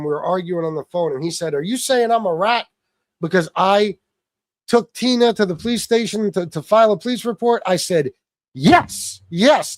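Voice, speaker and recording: A man's voice: sits high, no room sound, studio quality. Angry profane man ranting on a livestream. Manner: combative, profane, repeats himself. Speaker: livestream host.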